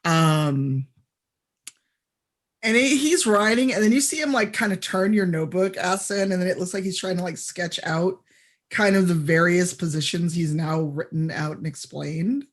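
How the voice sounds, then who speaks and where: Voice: medium pitch, normal speed. A game master narrating a tabletop role-playing game in a casual, rambling way, full of fillers.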